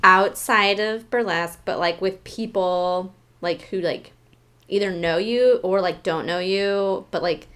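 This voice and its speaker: A woman's voice: medium pitch, a little slow, fairly bright tone, clear, resonant tone. A woman co-hosting a podcast, telling rambling stories with lots of "like.". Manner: rambling, heavy use of "like". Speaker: podcast co-host. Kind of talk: casual chat.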